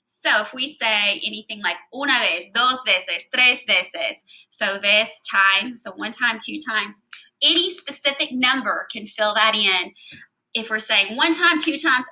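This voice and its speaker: Bright-voiced woman teaching Spanish grammar. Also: fairly high pitch, normal speed, rough recording. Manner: clear step-by-step explaining. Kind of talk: recorded classroom lecture.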